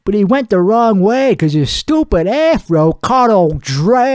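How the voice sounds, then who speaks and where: A man's voice: extremely high pitch, darkish tone, no room sound, studio quality, exaggerated voice. A man playing a crude, boastful podcast host who rambles and laughs at his own jokes. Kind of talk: improvised character comedy monologue.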